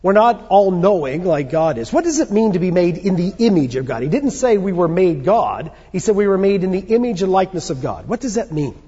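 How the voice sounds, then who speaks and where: A man's voice: high-pitched, big pitch swings, fairly quick, few pauses, dark tone, husky. Preacher man in a reverberant hall. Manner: conversational preaching with fillers and rhetorical questions. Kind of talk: sermon to a congregation. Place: church hall. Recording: dull sound with long hall reverb.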